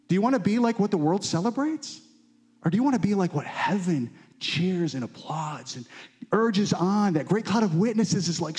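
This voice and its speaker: A man preaching a sermon with fervent emphasis, climbing high on key lines and dropping low and quiet on others. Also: big pitch swings, moderate pace. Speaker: pastor.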